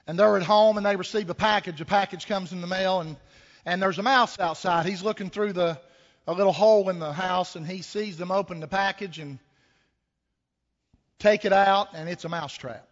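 A man preaching a sermon, folksy and conversational, with rhetorical questions and a homespun story. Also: high voice. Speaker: pastor. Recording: echoey hall, dull lo-fi sound.

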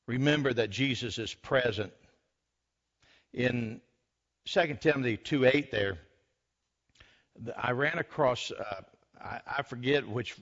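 Slow, fervent preacher man, lo-fi sound. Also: medium pitch, fairly bright tone. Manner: slow, dramatic retelling with acted-out quotes, building to fervent emphasis. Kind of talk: sermon.

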